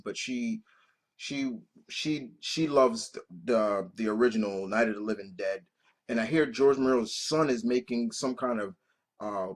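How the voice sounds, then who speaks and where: A man in his thirties hosting a reaction video, telling personal stories in a casual, profane and emotional way, full of restarts. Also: mid-range voice. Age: 30s.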